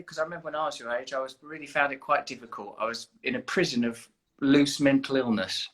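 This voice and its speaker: A man hosting a live video chat, teasing and then warmly encouraging a young caller. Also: mid-range voice, fast talker. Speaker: host of an Instagram live chat. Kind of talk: casual live-stream chat.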